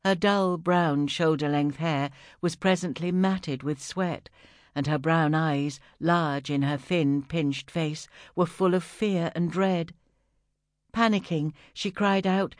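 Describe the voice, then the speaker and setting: An audiobook narrator reads a story in a steady, even manner. The recording is dry and close, with no room sound. The voice sits at a middle pitch. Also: takes it slowly, dry recording.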